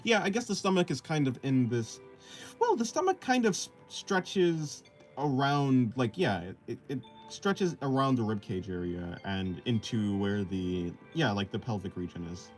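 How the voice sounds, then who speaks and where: A young man chats on a live art stream, his pitch swinging about as he wanders through hesitant answers full of fillers and soft laughs. His desk mic sounds a little muffled. Faint music plays behind him. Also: sing-song, measured pace. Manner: hesitant, rambling, laughs softly, many fillers. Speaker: art streamer reading chat. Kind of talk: casual live-stream chat while drawing. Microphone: desk microphone, described as muffled by chat.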